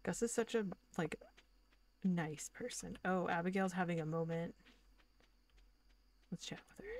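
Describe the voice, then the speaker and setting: Chatty woman streamer with a lowish voice. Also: a little slow, long pauses, noisy background. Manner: chatty, rambling, lots of "like". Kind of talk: casual gaming commentary.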